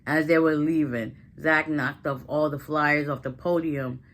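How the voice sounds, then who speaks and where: A woman giving a casual, chatty recap of a TV episode, full of fillers and growing animated as she retells scenes. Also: low-pitched, unhurried. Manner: chatty, loose, heavy with fillers like "like" and "listen". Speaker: recap vlogger.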